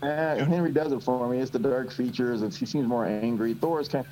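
A man co-hosting a podcast in casual chat. He talks in a blunt, joking way and swears freely. His voice sits at an ordinary middle pitch, with a faint hum behind it. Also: normal speed, warm tone, poor audio. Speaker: podcast co-host.

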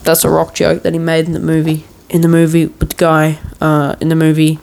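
A man's voice: a little high, completely flat delivery, fairly quick, vocal fry, darkish tone, rough recording. A man hosting a podcast, telling a long story in a meandering, joking way full of swearing and restarts. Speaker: podcast host. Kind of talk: rambling casual storytelling.

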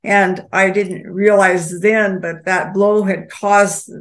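An older woman telling a personal story as a guest, halting, with many pauses and restarts. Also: medium pitch, steady tone.

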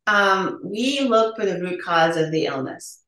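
A woman's voice: medium pitch, animated, measured pace, sharp tone. A middle-aged woman, a nurse practitioner guest, explaining earnestly with frequent ums. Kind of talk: conversational interview. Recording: echoey room.

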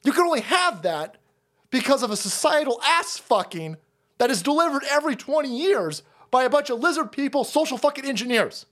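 Profane ranting man with swinging pitch. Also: animated, fairly quick. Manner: profane, mocking, loud swings into shouting. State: nose bleeding. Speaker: streamer host. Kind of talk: ranting livestream commentary.

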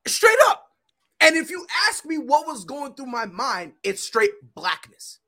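Animated young man telling a story. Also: measured pace. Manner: animated, swings from low mumbles to loud shouts. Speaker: podcast host. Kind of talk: casual storytelling chat.

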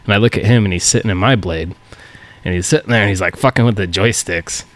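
A man's voice: fairly low pitch, quick pace. A man hosting a podcast, telling job-site stories casually and swearing freely. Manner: swears freely, acts out quotes. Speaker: podcast host. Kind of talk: casual storytelling chat.

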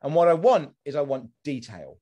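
A man, a streamer guest in a casual podcast conversation, talking in an animated way, swearing freely and restarting his sentences. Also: a little high, moderate pace, slightly rough.

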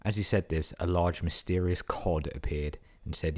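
A man's voice: low-pitched, steady tone, normal speed, darkish tone. A man hosting a podcast, reading listener stories out casually, swearing a lot and laughing at the jokes. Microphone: podcast microphone.

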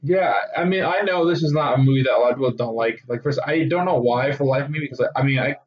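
A man co-hosting a podcast in casual chat, animated and laughing as he quotes movie lines. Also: medium pitch, fast, muffled recording. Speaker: podcast co-host.

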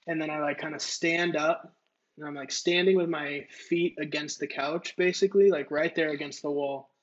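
Dude telling a story on a podcast, cussing, lots of likes, kinda muffled lo-fi sound. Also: male voice, fairly high pitch, steady tone, normal speed. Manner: rambling, profane, filler-heavy. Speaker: podcast co-host. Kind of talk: casual storytelling.

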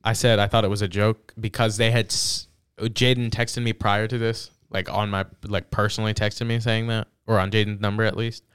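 A young man co-hosting a casual podcast, retelling a story and reading out text messages with halting restarts. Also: on the low side, little pitch movement, fairly bright tone, clean tone, no room sound. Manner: reads out texts, retells events with halting restarts. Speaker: podcast co-host. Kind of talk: casual chat.

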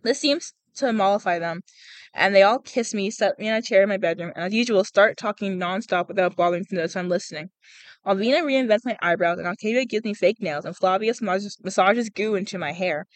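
A woman's voice: mid-range voice, brisk, dry recording, rough recording. Young adult woman, casual read-aloud host, stumbles and giggles, dry cheap-mic sound. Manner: stumbles over words, laughs often, says "like" a lot. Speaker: podcast host reading a book aloud. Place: outdoors in a public spot. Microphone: cheap small microphone.

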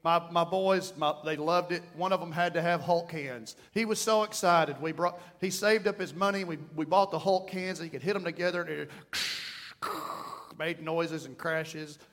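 A man in his thirties preaching a sermon to a congregation, animated and playful, with sudden growled bits. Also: high-pitched, moderate pace. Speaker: pastor. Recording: long hall reverb.

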